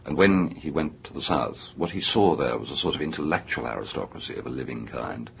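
A man's voice: a bass voice, animated, fairly quick, creaky, dull audio, slight background noise. A middle-aged English man, an author being interviewed in a radio studio, talking in an erudite, discursive way with many hesitations. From England. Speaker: author guest. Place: New York radio studio.

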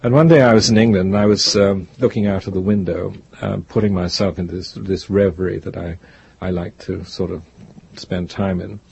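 An older man, a guest author, telling stories in an interview in a rambling, reflective way with a gravelly, husky voice. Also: deep voice, steady tone, moderate pace, a little mellow, lo-fi sound, slight background noise. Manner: rambling, reflective, restarts often. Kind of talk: interview, storytelling.

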